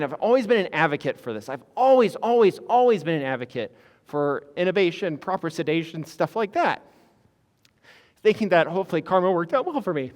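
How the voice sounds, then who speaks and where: A man recounts a story with a lively, rising and falling voice that sits a little high for a man. He talks candidly and casually, with fillers and the odd curse. The sound has a long reverb tail. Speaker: physician assistant guest.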